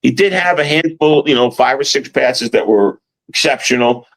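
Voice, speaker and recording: A man's voice: medium pitch, normal speed, fairly bright tone. Male sports radio co-host, New Jersey accent, chatty and meandering. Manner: rambling, restarts often, chuckles. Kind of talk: casual sports talk.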